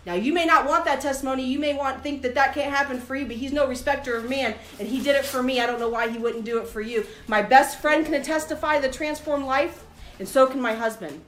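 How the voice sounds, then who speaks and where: A high-pitched, bright-toned middle-aged woman teaches a Bible study with fervent, preacherly conviction. Her voice climbs toward near-shouts when she is most passionate. The sound is roomy and echoey. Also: brisk. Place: room with a group.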